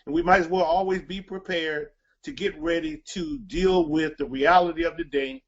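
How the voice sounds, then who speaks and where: A man's voice: high voice, animated, moderate pace, gravelly, muffled recording. A middle-aged man speaking to fathers on a talk show, preaching and repeating lines for emphasis. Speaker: guest speaker.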